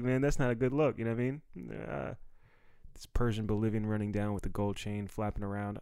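A man's voice: lowish voice, level tone, a little fast, darkish tone, clean tone, no echo. A young adult man from the Washington, D.C. area, a comedian telling a story in a casual monologue, laid-back and profane. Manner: laid-back, profane, acts out quoted dialogue.

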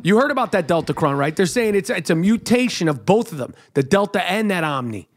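A man with a notably high voice co-hosts a podcast. He jokes and teases his partner, swearing freely in loose, playful chat. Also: big pitch swings, brisk. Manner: joking, profane, teasing. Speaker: podcast co-host.

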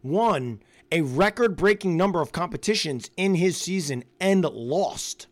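A man co-hosting a casual live stream, excitable, swinging from hushed to loud. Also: high-pitched, unhurried, no echo. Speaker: co-host.

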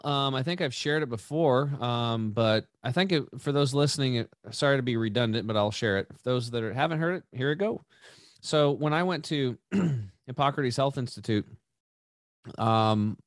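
A man's voice: mid-range voice, no echo. Man, podcast host, rambling casual storyteller, restarts often, dry close sound. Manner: rambling, animated, repeats and restarts, says "dude" and "right".

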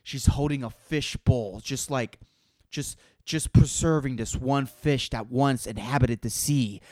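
A man's voice: mid-range voice, unhurried, a little mellow, dry recording, clean studio sound. A young man hosting a solo podcast, ranting in a profane, sarcastic, exasperated way. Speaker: podcast host. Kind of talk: solo comedic rant.

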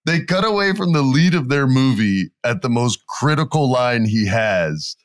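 A man co-hosting a casual talk show, telling stories with lively acted-out quotes. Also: mid-range voice, measured pace, no echo, clean studio sound. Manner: animated storyteller, acts out quotes in jumpy voices. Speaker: podcast co-host. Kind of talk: casual chat.

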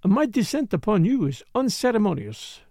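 A poised young French dancer, cool and formal, as a male narrator puts her on. Her voice is raised well above his own, gravelly at the edges and heard dry. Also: high voice, very animated, moderate pace, mellow, no room sound, pitched above the performer's own voice, full character voice.

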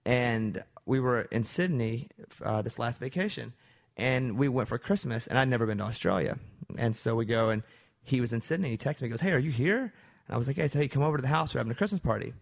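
A man's voice: mid-range voice, lively intonation, fast talker, creaky. A man hosting a casual chat, loose and joking, trailing into asides. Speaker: radio host.

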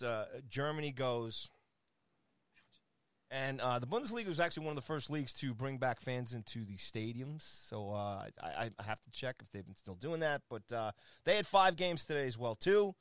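An energetic man rattles through soccer scores in a casual talk show segment, full of fillers and playful jabs at his co-host. His voice sounds smooth and resonant, recorded close and dry with no room around it. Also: medium pitch, moderate pace, no room sound.

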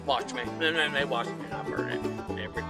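A man's voice: medium pitch, quick pace, loud music behind the voice, lightly acted, low-quality recording. A man voicing a crude, chatty Kansas hillbilly who rambles and swears in a folksy drawl while driving his car. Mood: rambling.

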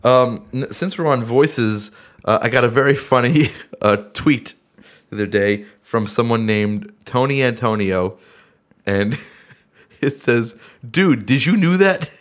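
Relaxed, chatty podcast host. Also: male voice, medium pitch, unhurried. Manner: relaxed and chatty, with many fillers. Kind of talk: casual podcast chat.

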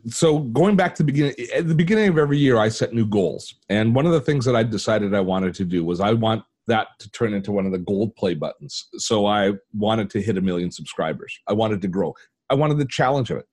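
An older man from Canada, a tech channel host telling a personal story as an interview guest, acting out the voices in his anecdotes. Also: fairly quick. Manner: animated storyteller, acts out quoted dialogue with big pitch jumps.

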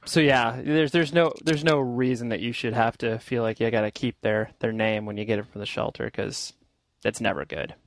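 A man's voice: medium pitch, steady tone, moderate pace, gravelly, no echo. Dry-voiced man hosting a chat. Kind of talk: casual podcast chat.

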